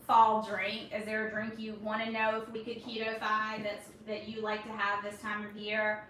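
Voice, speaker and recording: A woman's voice: medium pitch, monotone, normal speed, fairly bright tone. A woman with a Southern US accent, from Georgia, co-hosting a casual cocktail livestream at home in a folksy, chatty way. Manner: chatty, folksy, says y'all often. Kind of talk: casual chat. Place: home bar area. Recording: echoey room, distant mic, noisy.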